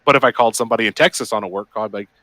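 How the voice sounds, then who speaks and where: Midwestern man, mid-pitched voice, relaxed podcast chatter, dry close mic. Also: very fast, no echo. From Midwestern United States. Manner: laid-back, laughs often, mimics accents. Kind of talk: casual chat.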